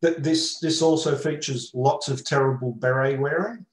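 A man's voice: medium pitch, fairly even intonation, normal speed, roomy sound, rough recording. An Australian man chatting casually on a panel over a video call, rambling with many fillers. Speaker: panel guest.

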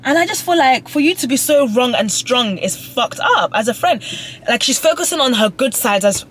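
A woman's voice: high voice, expressive, normal speed, fairly bright tone. A young woman vlogging from her car, venting emotionally and swearing freely as she talks through a falling-out with a friend. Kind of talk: casual vlog rant. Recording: car noise behind the voice.

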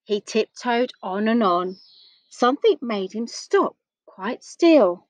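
A woman reading a picture book aloud to children, gentle and unhurried, with questions for her listeners. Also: a little high, lively intonation, dry recording. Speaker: storyteller.

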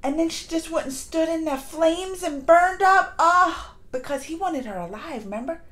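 A woman reviewing a movie in a casual vlog, gushing and excitable, with lots of fillers and restarts. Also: very high-pitched. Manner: acts out lines in quick put-on voices. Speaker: movie reaction vlogger. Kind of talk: casual chat.

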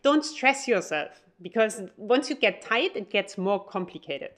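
A German woman teaching her language on video in English with a German accent, upbeat and encouraging, slowing down to spell out German phrases. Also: mid-range voice, expressive. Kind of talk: YouTube language lesson.

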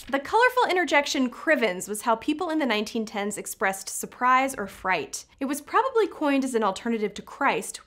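A woman's voice: on the high side, fairly bright tone. A woman hosting a scripted educational video, delivering facts with playful, jokey asides. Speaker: host, editor-in-chief.

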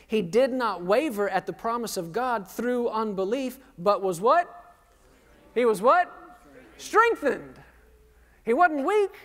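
Very high-pitched and a bit bright, this man's voice is very animated but slow, with long pauses. He's a pastor in his thirties preaching in an echoey church hall, quizzing the congregation and joking self-deprecatingly.

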